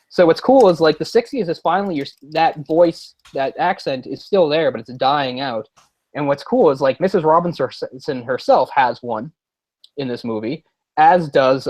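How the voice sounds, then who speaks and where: A man's voice: medium pitch, a little mellow, no room sound. A man co-hosting a casual movie discussion podcast, explaining at length with many fillers and restarts. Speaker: podcast co-host.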